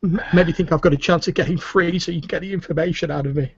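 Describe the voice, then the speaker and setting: A man's voice: fairly high pitch, fairly quick, slightly rough, dry recording, muffled recording, voice pushed up. A man voicing a terrified, broken male prisoner who stammers and sobs. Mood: tearful. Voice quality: stammering, whimpering. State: sobbing.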